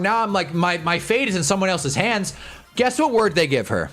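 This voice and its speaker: A man's voice: high voice, animated, a little fast, a bit bright, soft background music. A young man hosting a livestream, telling a story in a casual, profane, mock-outraged way. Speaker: livestream host.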